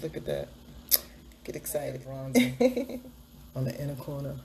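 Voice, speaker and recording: A woman's voice: deep voice, animated, a little slow, creaky, pauses often, dark tone, a little hiss or hum. A woman vlogger chatting through a makeup tutorial, upbeat and repeating a hype catchphrase as she explains each step. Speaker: beauty vlogger.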